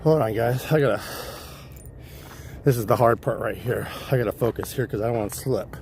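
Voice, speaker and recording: A man's voice: medium pitch, brisk, a little mellow, slight background noise. Rambling, cussing man out on a hike. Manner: casual, profane, wandering. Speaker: livestream vlogger. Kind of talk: rambling storytelling while hiking. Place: outdoor hillside trail.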